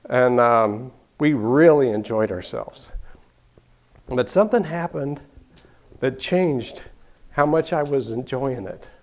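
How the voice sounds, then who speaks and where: A man's voice: mid-range voice, slow, pauses often. An older man telling a personal story in an easygoing way, chuckling often and restarting his sentences.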